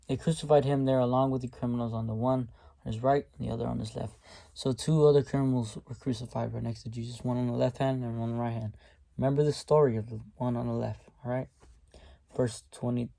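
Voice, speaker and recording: Gravelly man reading scripture casually. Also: medium pitch, warm tone. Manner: breaks off reading to comment emphatically, folksy. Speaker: Bible reader and commentator. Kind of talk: casual devotional Bible reading with commentary.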